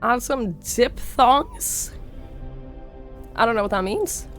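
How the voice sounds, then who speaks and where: A young woman from Norway with a slight Norwegian accent, speaking hoarsely while sick, chatting casually on a live stream and thanking viewers by name. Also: on the high side, wildly swooping pitch, slow, fairly bright tone, faint music behind. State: hoarse, sick with a sore throat.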